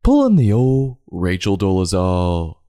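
A man hosting a comedic book review, sarcastic and crude, with deadpan asides. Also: sits low, a little slow. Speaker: podcast host reviewing a book.

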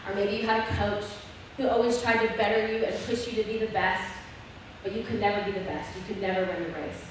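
A woman speaking to an audience on a handheld mic, telling a personal story in an earnest, animated way. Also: medium pitch. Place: room with an audience. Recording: echoey room, faint background noise.

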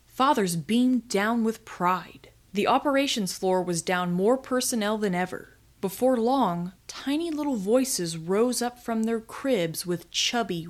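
A woman host reading her own scripted story aloud, with dry comic timing and dramatic pauses. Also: medium pitch. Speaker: podcast host and story writer.

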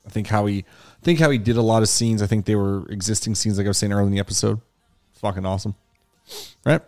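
A man's voice: lowish voice, steady tone, fast talker, darkish tone, soft background music. A man co-hosting a casual movie podcast, swearing eagerly and tagging "right?" onto his points. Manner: enthusiastic, profane, rhetorical "right?". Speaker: podcast co-host.

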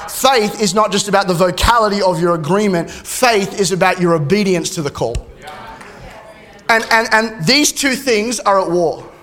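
A man's voice: sits high, a bit bright. A man, preaching a sermon in a casual way with joking asides and frequent restarts. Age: 30s. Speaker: pastor.

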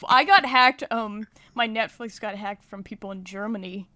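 A woman's voice: mid-range voice, moderate pace, sharp tone, no echo. A young woman in her twenties from Washington State, telling rambling stories on a casual podcast, full of fillers and tangents. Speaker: podcast co-host.

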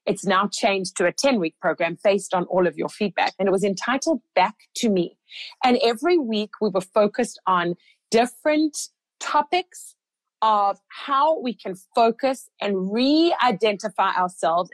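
A woman's voice: medium pitch, no echo, low-quality recording. A woman hosting an interview as a coach, talking in an affirming, encouraging way. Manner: affirming, encouraging, full of backchannels. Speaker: host and coach running a group program for mothers. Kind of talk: conversational podcast interview.

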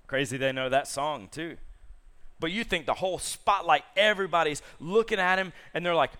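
Speaking at a moderate pace in a fairly high voice, this youth pastor preaches to young people, relating the story with casual energy and asking the audience questions.

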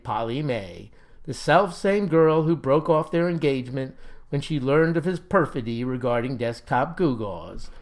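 A man narrating a comic story in a folksy, deadpan manner. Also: on the high side.

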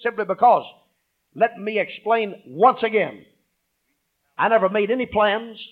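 Here a man with a high voice delivers a sermon at an unhurried pace, reading scripture aloud and calling out to his congregation. His delivery shifts from loud emphasis to hushed asides, captured in narrow, tinny audio.

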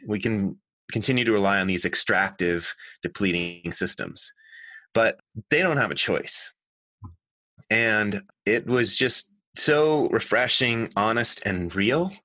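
Earnest bright-voiced man. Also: on the low side, slow pace, no room sound. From United States. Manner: earnest, animated, self-correcting. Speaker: guest, water harvesting designer and author. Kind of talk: conversational storytelling.

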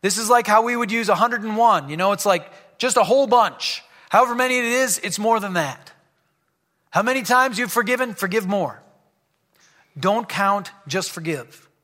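Reading scripture from the pulpit, this pastor keeps drifting into relaxed jokes aimed at his congregation. He sounds animated, with a high, pushed, bright voice at a moderate pace, and the church hall adds a long reverb.

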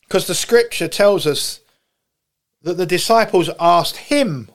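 A man's voice: high voice, slow pace. A man pastor preaching a sermon, building through repeated questions and refrains. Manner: preaching with repetitive rising questions.

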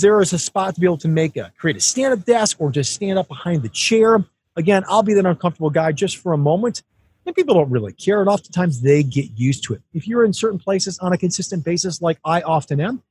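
A man's voice: slightly rough, no echo. A man hosting a podcast, giving an emphatic, coaching monologue straight to the listener. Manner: energetic with big swings in pitch. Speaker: podcast host.

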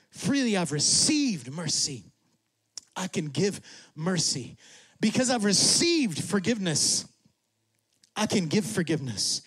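A man preaching with a high voice and lots of energy. He acts out God and Moses in quick asides. The sound is dry and close. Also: breathy edge, no room sound. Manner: drops to a soft, low voice for emphasis. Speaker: pastor. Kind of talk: sermon.

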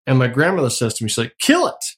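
Casual co-host: middle-aged man, easygoing storyteller, laughs a lot, mid-pitched voice. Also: rapid-fire. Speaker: podcast co-host. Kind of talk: casual chat.

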